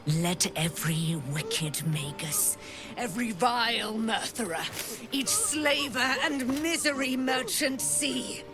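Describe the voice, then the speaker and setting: A woman's voice: fairly high pitch, slow pace, music in the background. An actress playing a proud, indomitable female paladin in a video game, speaking in a grand, declamatory way. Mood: proclaiming. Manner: grand, declamatory, archaic phrasing.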